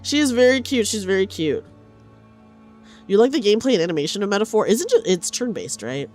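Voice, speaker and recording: A woman streamer chatting casually with her viewers during a game, animated and chatty. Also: medium pitch, a little fast, soft background music. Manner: animated, chatty, reads chat aloud.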